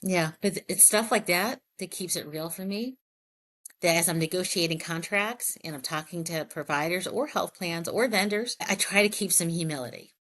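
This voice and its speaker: A woman's voice: fairly low pitch, moderate pace, a bit bright. A middle-aged woman, a health plan president, speaking candidly in an interview and telling stories with quoted dialogue. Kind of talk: conversational interview storytelling.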